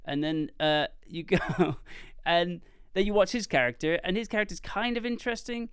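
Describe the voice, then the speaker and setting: A man co-hosting a movie podcast, telling stories in an animated, casual way and laughing often. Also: high voice, moderate pace, clean tone, dry recording, studio quality. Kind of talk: casual chat.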